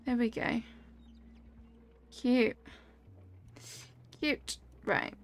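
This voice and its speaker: Chatty woman streamer with gravelly fry. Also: fairly high pitch, drawn-out words. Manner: chatty, reacts aloud to the game and reads chat. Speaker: game streamer. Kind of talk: casual live-stream chat while playing.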